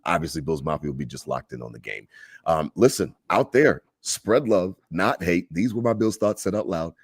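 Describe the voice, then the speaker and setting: Low-voiced male podcast co-host, fired-up fan rant, dry close sound. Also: moderate pace, husky, dry recording. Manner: animated, heated fan rant. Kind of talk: casual sports podcast chat.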